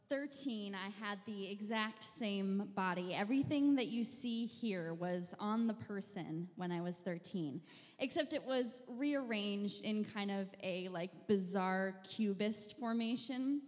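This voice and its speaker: A young woman telling a funny personal story on stage in a wry, self-mocking, deadpan way. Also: medium pitch, unhurried. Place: live venue stage. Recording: long hall reverb.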